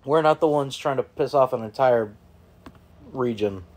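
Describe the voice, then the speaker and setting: A man's voice: medium pitch, normal speed, a little mellow. A man co-hosting a casual podcast, ribbing the others with dry jokes. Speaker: co-host.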